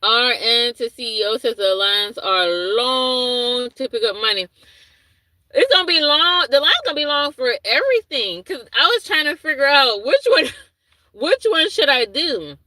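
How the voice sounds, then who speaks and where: A woman's voice: sits high, big pitch swings, measured pace, sharp tone, no echo, poor audio. A woman chatting casually on a livestream, rambling and losing her thread as she answers viewers' comments. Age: adult with a young son. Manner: reads and answers chat comments aloud. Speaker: livestream host.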